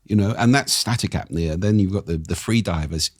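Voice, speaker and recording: An older man with a husky voice, explaining speaking technique in a lively, expressive conversational way. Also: low-pitched, a little fast, no room sound, clean studio sound. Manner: animated, expressive intonation. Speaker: voice coach guest.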